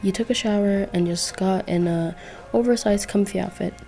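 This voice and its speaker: A woman's voice: mid-range voice, normal speed, vocal fry, mellow, faint music behind. A woman narrating a casual fan-fiction story, chatty and rambling, often correcting herself.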